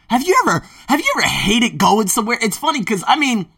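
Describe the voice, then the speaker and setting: A man hosting a casual monologue podcast as a language teacher working abroad, telling stories in an animated way and swearing freely. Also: extremely high pitch, fast talker, few pauses, husky. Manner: animated storyteller who acts out his own quotes, swears freely. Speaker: podcast host.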